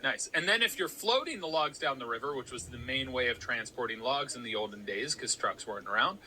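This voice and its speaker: A man's voice: medium pitch, expressive, a little fast, pushed and bright, a little hiss or hum, poor audio. A man co-hosting a casual podcast chat, explaining researched facts in an informative way. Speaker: podcast co-host.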